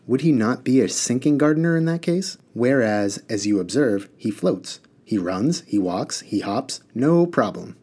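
A man's voice: medium pitch, animated, measured pace, hardly any pauses, a little mellow, slightly rough. A man voicing a fussy, pompous mechanical bird in a storybook reading who lectures with self-satisfied certainty. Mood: lecturing. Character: fussy know-it-all male mechanical bird.

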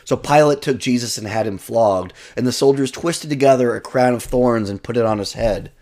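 A man preaching a sermon in an earnest way, reading scripture and slowing down to stress key words. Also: mid-range voice, darkish tone.

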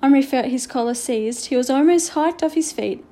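Mellow woman reading a storybook. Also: high-pitched, normal speed. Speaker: narrator. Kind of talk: storybook narration.

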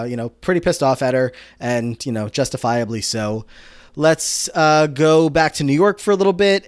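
A man's voice: medium pitch, dry recording. A man hosting a casual podcast, recapping a TV episode in a rambling way with lots of fillers. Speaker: podcast host.

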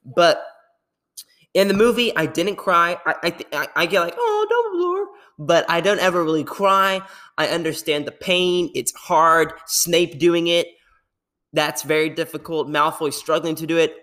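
A young man hosting a podcast, talking casually in a rambling, animated way and laughing often. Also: on the high side, moderate pace. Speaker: podcast host.

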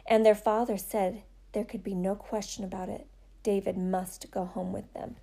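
A woman reading a novel aloud in a steady, measured way. Her voice is low in brightness and mellow, with a gravelly texture and a medium pitch. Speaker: narrator.

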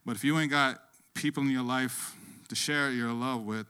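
A man in a mid-pitched voice spins a personal story in a loose, casual way. He swears freely and keeps jumping into the voices of the people he describes. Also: normal speed, clean tone. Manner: profane, animated, acts out the other voices.

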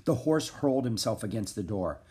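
Brief: male storybook reader, even and measured narration. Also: fairly low pitch. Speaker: audiobook reader.

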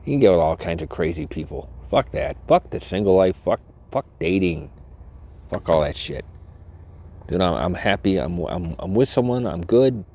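A man's voice: deep voice, animated, moderate pace, darkish tone. A man hosting a solo podcast who rambles, restarts himself and swears constantly. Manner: profane, rambling, self-interrupting. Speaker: podcast host.

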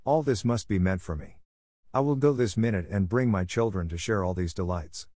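A man's voice: fairly low pitch, normal speed, mellow, no room sound, studio quality, natural voice. Man doing a timid merchant, middle-aged father, pleading, anxious, raised voice, storybook. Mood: delighted.

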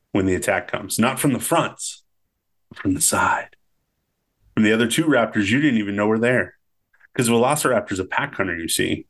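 A man voicing a stern male paleontologist, telling a grim story in a measured way. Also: fairly low pitch, fairly bright tone.

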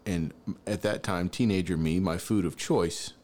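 A man with a low voice tells a story in a relaxed, casual chat. He is an animated storyteller, and his voice leaps upward when he acts out his own younger self. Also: normal speed. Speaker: podcast co-host.

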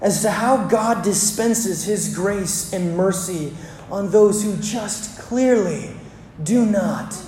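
A pastor preaching a sermon in a church, with dramatic pauses and emphatic repetition, recorded with a roomy church echo. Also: medium pitch, darkish tone.

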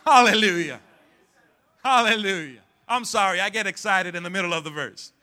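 A man preaching a sermon as pastor, calling out to the congregation to respond and rising to shouts at the peaks. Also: sits high, fast. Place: church sanctuary.

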